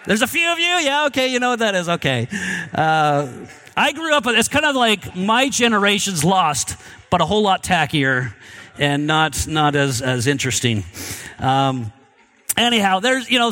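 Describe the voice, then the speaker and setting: A man's voice: sits high, sharp tone. A man preaching a sermon in a casual, chatty way, asking his audience questions. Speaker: pastor.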